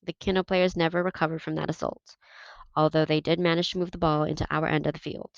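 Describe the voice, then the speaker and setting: Woman reader, steady novel narration, low and gravelly; dry lo-fi take. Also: fast, no echo. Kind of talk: reading a novel aloud. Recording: dull, dry lo-fi recording.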